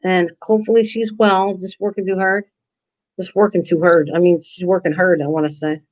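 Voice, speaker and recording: A woman's voice: lowish voice, little pitch movement, moderate pace, a little mellow. An older woman hosting a casual live stream, rambling chattily and answering viewers' comments by name. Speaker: live-stream craft host. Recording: dull lo-fi stream audio.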